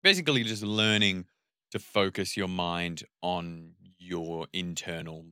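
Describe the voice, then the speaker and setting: Low, forceful Australian man swearing freely. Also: measured pace, clean tone, no echo, clean studio sound. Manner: animated, swears a lot. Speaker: podcast co-host. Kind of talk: casual chat.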